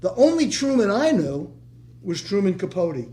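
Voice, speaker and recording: A man's voice: high-pitched, big pitch swings, normal speed, mellow. An older man, a former teacher, telling a long story with many restarts at a community discussion. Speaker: retired teacher in audience. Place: meeting room.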